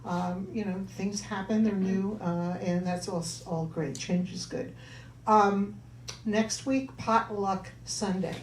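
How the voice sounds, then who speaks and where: A woman minister gives church announcements and a sermon in a church hall, chatting with the congregation and offering warm asides. Her mid-range voice keeps a steady tone at a slow pace. The roomy hall makes her sound far off, with slight background noise.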